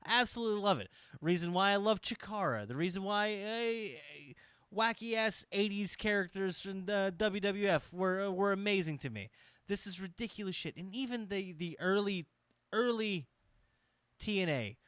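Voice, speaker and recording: A man in casual chat with a bright, forceful voice, animated and profane as he riffs. He is close and dry on the mic, with no room around him. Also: high voice, normal speed, smooth, no room sound. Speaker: podcast co-host.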